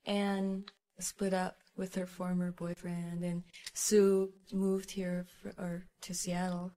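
A young American woman musician, a guest in an interview, reminiscing in a rambling, halting way with frequent laughs. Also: lowish voice, flat delivery, warm tone. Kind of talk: casual reminiscing conversation.

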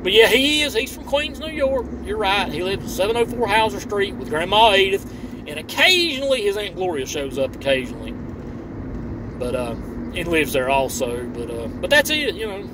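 A man's voice: high voice, lively intonation, normal speed. A man delivering a rambling, sarcastic and profane rant, recorded outdoors near a road. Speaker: online commentator. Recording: distant mic with loud traffic noise.

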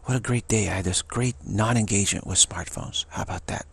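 A man's voice: fairly low pitch, a little fast, vocal fry, fairly bright tone, husky. A man giving an informal spiritual talk in a rambling, playful way, often repeating himself. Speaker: spiritual teacher.

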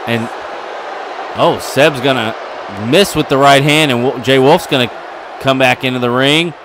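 A man giving excitable play-by-play commentary over a wrestling video game, getting louder at the big moments. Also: medium pitch, measured pace, a crowd in the background, background noise. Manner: excitable, building to yelling at near falls.

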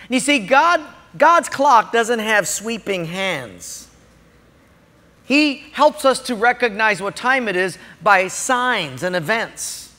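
A male pastor preaching a sermon, telling stories in an animated way and speaking directly to listeners. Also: high voice, slow. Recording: long hall reverb.

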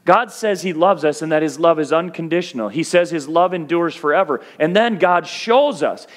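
Middle-aged guy pastor, chatty sermon that gets all worked up, kinda high voice. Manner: conversational preaching, rising to fervent peaks.

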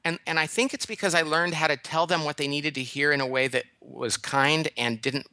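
Bright, emphatic man giving advice. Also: a little high, brisk, no echo. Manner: animated, emphatic storytelling that acts out other people's lines. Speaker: guest advice-giver, management consultant. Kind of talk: radio call-in advice.

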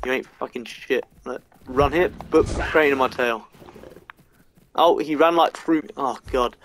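A man giving let's-play game commentary, swearing a lot and swinging between frustration and excitement. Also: mid-range voice, measured pace, a little hiss or hum. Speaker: gamer.

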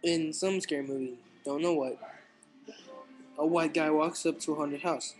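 A teenage boy telling jokes in a casual, rambling way, halting with fillers and restarts. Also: a little high, steady tone, darkish tone, soft background music, low-quality recording. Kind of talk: casual stand-up style joke telling.

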